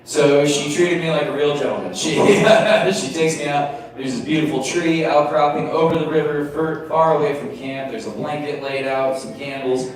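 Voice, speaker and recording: A young man telling a self-mocking stand-up story at an open mic, jumping into high put-on voices for the people in it. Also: fairly even intonation, normal speed. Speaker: stand-up comedian. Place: small comedy venue. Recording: echoey room mic from a distance.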